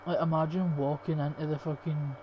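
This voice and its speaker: Young Scottish man, flat-voiced. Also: fairly high pitch, brisk. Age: young adult. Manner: swears often, rambling and opinionated. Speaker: gaming streamer. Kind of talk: casual gameplay commentary. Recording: dull lo-fi stream mic with faint hiss.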